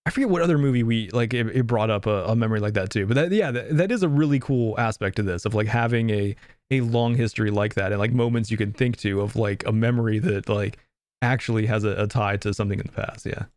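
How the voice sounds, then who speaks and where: A man's voice: on the low side, fast talker, darkish tone, no echo, studio quality. A young man co-hosting a podcast, chatting casually about a movie, rambling, laughing often and swearing loosely. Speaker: podcast co-host. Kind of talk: casual movie review chat.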